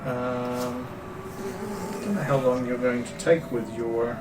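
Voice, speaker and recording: A man serving as game master, narrating a tabletop game and reading in-world news in a steady announcer tone. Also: mid-range voice, slow. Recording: distant roomy mic with loud background noise.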